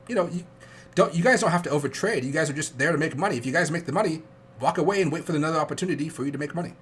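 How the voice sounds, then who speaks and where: Young male livestream host, sick, rapid rambling delivery, faint noise behind. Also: on the high side. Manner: fast rambling chatty, with fillers. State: sick, coughing. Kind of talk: casual livestream talk.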